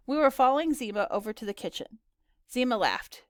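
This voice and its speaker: A woman narrating a children's story in an animated, bright reading style. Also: fairly high pitch, a little fast, no room sound, clean studio sound. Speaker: audiobook narrator.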